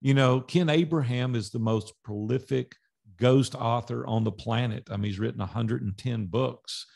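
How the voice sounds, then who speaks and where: A man's voice: mid-range voice, moderate pace, gravelly. A middle-aged man from Nashville, Tennessee, a podcast guest telling stories in a casual interview and acting out the dialogue in them. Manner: animated storyteller acting out dialogue.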